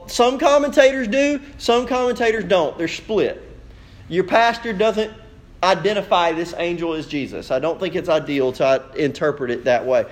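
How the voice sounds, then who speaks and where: A man preaching a sermon as pastor, emphatic and conversational. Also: high voice.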